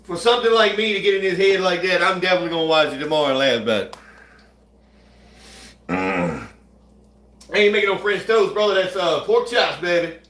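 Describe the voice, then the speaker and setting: A man's voice: sits high, brisk, pauses often, a bit bright. A man, chatting loosely on a livestream while cooking, drawling, rambling and laughing often. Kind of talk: casual livestream chat. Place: at home, cooking. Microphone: phone. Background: food frying and sizzling.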